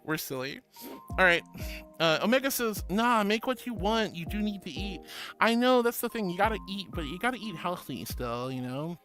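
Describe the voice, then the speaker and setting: A woman's voice: mid-range voice, expressive, moderate pace, a bit bright. A woman streamer chatting casually and reading viewer comments aloud, bubbly, giggly and affectionate. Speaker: streamer host. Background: background music.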